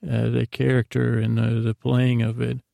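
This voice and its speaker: Gravelly, flat-voiced man rambling sleepily. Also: mid-range voice, moderate pace, dry recording, studio quality. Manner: meandering, drowsy retelling with many fillers. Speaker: sleep podcast host. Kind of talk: rambling episode recap.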